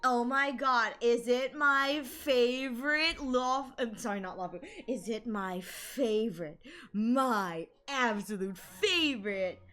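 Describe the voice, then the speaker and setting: Young woman streamer gushing and giggling, swears a lot, soft game music behind. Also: fairly high pitch, slow pace. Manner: excitable, giggly, swears freely. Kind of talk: casual game-stream chat.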